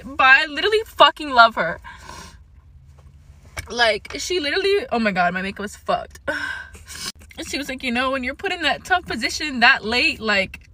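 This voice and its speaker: Tearful high-voiced young woman vlogging. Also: bright, forceful tone, a little hiss or hum. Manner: rambling, packed with fillers and swearing. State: tearful, shaky. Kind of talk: emotional confessional vlog.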